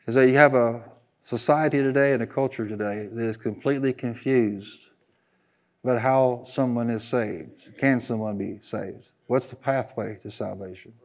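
A man's voice: medium pitch, a little slow, darkish tone. A man preaching a sermon as pastor, driving his points with repeated phrases and leading the congregation in call-and-response.

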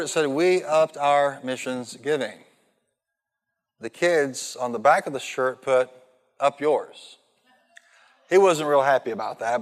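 A male pastor gives an animated sermon that mixes humorous stories with calls for the congregation to answer back. His voice sits at a mid pitch, and each phrase rings out into the long reverb of a large church hall. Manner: animated storytelling with call-and-response.

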